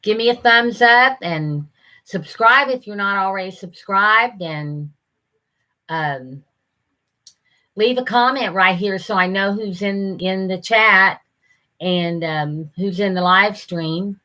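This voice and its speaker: An older woman, chatting casually on a live stream, rambling and halting with lots of fillers. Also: mid-range voice, bright, forceful tone. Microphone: computer camera mic.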